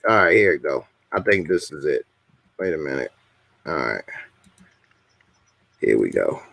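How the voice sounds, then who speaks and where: Man, show host, relaxed slangy talk, gravelly, bright tone. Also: lowish voice, dry recording. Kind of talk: casual TV review chat.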